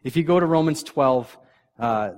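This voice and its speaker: A man preaching a casual, conversational sermon as a father of three young kids. He laughs often at himself and restarts his sentences, and his volume swings from quiet asides to punchy emphasis. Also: a little high, lively intonation, moderate pace. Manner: chatty and self-deprecating, laughs often; frequent restarts, loudness swings from soft to punchy. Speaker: pastor.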